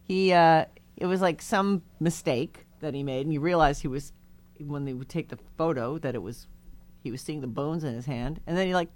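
A woman co-hosting a podcast in casual chat, chatty and given to trailing off into a soft murmur. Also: low voice, normal speed. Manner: chatty, trails off, drops to a murmur when musing. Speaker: podcast co-host.

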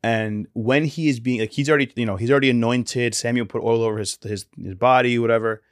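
Casual young male podcast co-host, slangy storyteller, mid-pitched, dry close mic. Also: steady tone, fast, no room sound. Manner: laid-back storytelling with slang and frequent "like". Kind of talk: casual faith podcast chat.

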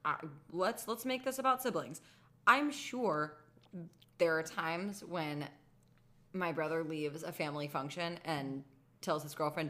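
Young woman, podcast co-host, bright sharp voice, sarcastic and blunt. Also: low voice, measured pace. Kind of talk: casual chat.

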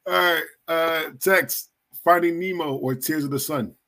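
A man hosting a casual podcast, animated and blunt, swearing and laughing often as he runs a movie bracket. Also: fairly high pitch, a little slow. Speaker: podcast host.

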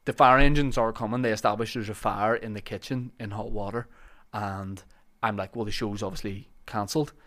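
A man, hosting a podcast in casual chat and telling long, animated stories. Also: lowish voice, brisk, few pauses. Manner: animated anecdote teller, acts out shouted quotes. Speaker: podcast host.

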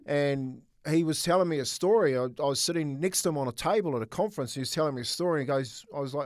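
A middle-aged man, a former coach, telling a personal story in casual sports chat with earnest, halting repeats. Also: fairly high pitch, no room sound. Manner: earnest, storytelling, repeats words while thinking. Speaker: former rugby league coach, co-host.

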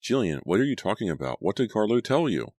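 A man's voice: deep voice, big pitch swings, fairly quick, no echo, studio quality. A man voicing an anxious, insistent teenage girl in an audiobook, pleading in a raised voice.

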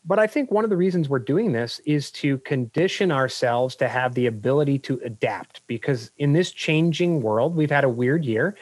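A man who is a business coach, a guest on a podcast, telling anecdotes in an energetic, animated way. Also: medium pitch, moderate pace, few pauses, dry recording. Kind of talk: podcast interview storytelling.

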